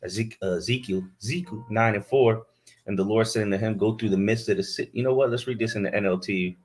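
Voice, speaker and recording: A man's voice: on the low side, fast talker. A man preaching a fiery sermon, scolding his listeners and reading scripture aloud into a camera he set up himself.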